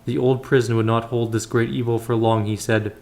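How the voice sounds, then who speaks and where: A man's voice: mid-range voice, level tone, brisk, a little mellow, close to an everyday voice. A man reading a solemn holy knight. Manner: formal, archaic phrasing read aloud. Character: solemn middle-aged male holy knight.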